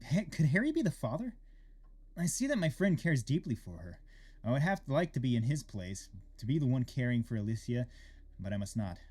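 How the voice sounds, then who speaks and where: A man's voice: medium pitch, very animated, fairly quick, darkish tone, husky. A man reading a young man's wistful inner thoughts. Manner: reads inner thoughts aloud.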